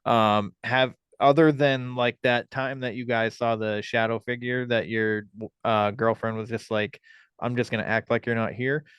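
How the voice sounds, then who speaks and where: A man's voice: mid-range voice, flat delivery, moderate pace, fairly bright tone, clean tone, no room sound, muffled recording. Rambling, swearing man with a dry sound. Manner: rambling, heavy swearing, many fillers and restarts. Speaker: podcast host. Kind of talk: casual storytelling chat.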